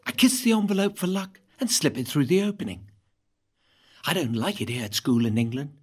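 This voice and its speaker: A man reads his first-person novel aloud with wry, dry humour. His voice is husky, with lively swings in pitch. The telling is steady and storylike. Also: fairly quick. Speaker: narrator reading his book. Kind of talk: first-person audiobook narration.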